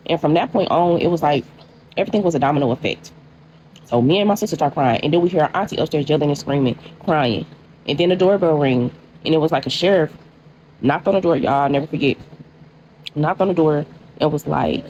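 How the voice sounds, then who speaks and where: A woman's voice: low voice, lively intonation, fairly quick, a little mellow, a little hiss or hum, rough recording. A young woman telling a personal storytime casually, talking straight to viewers with lots of filler words. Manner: chatty, addresses viewers as y'all, many likes.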